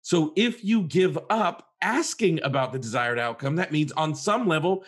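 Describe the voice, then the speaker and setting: A man's voice: on the high side, animated, normal speed, slightly rough. A man, a therapist co-hosting a podcast, telling a personal story in an earnest, conversational way and repeating words for emphasis.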